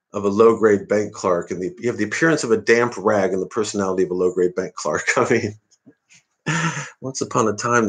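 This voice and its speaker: A man from the American Midwest, rambling and digressing through a casual live-stream monologue. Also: on the low side. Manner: rambling, digressive, self-interrupting. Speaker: comedian hosting a live stream.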